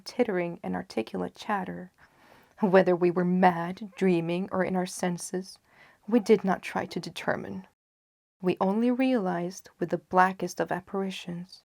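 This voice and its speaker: A woman reading a gothic horror story aloud in a hushed, often half-whispered voice with slow, dramatic pacing. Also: medium pitch, dry recording, studio quality. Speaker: audiobook narrator.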